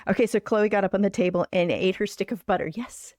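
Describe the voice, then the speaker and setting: A woman's voice: mid-range voice, fairly even intonation, fast talker, darkish tone, no echo. Older female livestream host, chatty and rambling with lots of fillers; dry, close sound. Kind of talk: casual chat.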